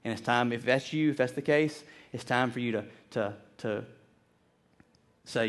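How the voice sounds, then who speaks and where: A man preaching a sermon to his congregation, earnest and animated, often repeating words as he builds his point. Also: medium pitch, moderate pace. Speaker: pastor.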